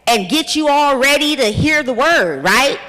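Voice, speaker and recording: High bright lady hyping up a conference crowd, loud, cussing, big hall echo. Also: expressive, a little slow. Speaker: conference speaker. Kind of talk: hype-style motivational talk. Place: large conference hall with music playing. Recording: hall reverb, from a stage mic.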